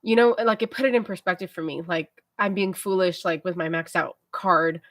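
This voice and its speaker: A tired young woman hosting a livestream, telling a rambling story in a mellow, casual way, full of fillers and talking to herself. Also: on the low side, fairly even intonation, brisk, dry recording, clean studio sound. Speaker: livestream host.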